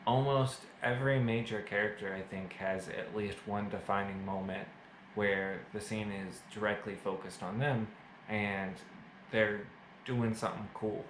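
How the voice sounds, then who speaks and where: A man's voice: fairly low pitch, fairly even intonation, unhurried, fairly bright tone, reverberant, slight background noise, low-quality recording. A man casually reviewing a movie to camera, chatty and full of fillers, with self-mocking jokes. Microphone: camera mic.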